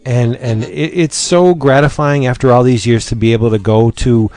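A man co-hosting a podcast, talking through comic reviews in a measured, thoughtful way with some hesitant fillers. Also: medium pitch, fairly even intonation, darkish tone, no echo. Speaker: podcast co-host. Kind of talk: casual comics review chat.

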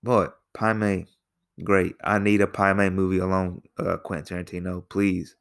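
A man's voice: low-pitched, flat delivery, normal speed, vocal fry. A man casually reviewing a film, rambling with lots of fillers and slang, sometimes restarting his sentences. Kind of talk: casual spoken movie review.

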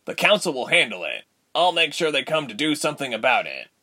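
A man voicing a young male inventor in a storybook reading, casual and lively. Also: medium pitch, brisk, pitched above the performer's own voice, heavily acted. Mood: urgent. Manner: casual, then tense and urgent.

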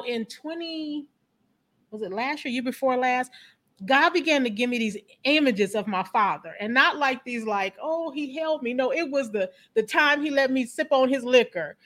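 High-voiced woman telling stories with emphasis. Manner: animated, emphatic storyteller. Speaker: guest, founder and coach. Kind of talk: casual chat with personal stories.

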